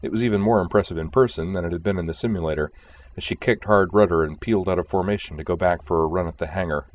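A very deep-voiced man reads a space adventure audiobook. His delivery is steady and even. He narrates at an unhurried pace. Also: a little hiss or hum.

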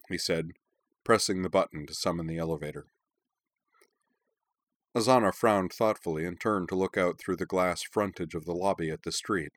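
A man reading a novel aloud in measured, even storytelling narration. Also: low voice, no room sound. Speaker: audiobook narrator. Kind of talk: scripted narration.

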